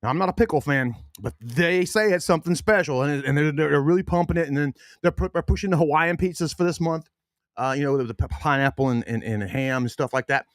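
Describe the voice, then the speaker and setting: A man's voice: fairly high pitch, fairly quick, dry recording, studio quality. A man hosting a sports podcast, casual and folksy, with lots of fillers and restarts. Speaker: podcast host. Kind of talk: casual sports podcast chat with sponsor reads.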